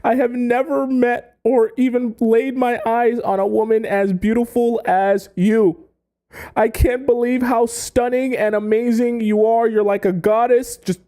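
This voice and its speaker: A man doing a high, sobbing, begging admirer. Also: steady tone, normal speed, mellow. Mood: pleading. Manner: high-pitched, desperate, gushing pleading. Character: adult man on his knees, sobbing, begging adoringly.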